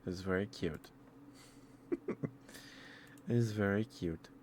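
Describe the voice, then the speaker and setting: A man talks softly to his viewers during an ASMR stream, his voice low and his pace unhurried. He sounds gentle and affectionate, often trailing off or stumbling over his words. A faint hum of room ambience sits underneath. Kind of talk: soft-spoken ASMR chat with viewers.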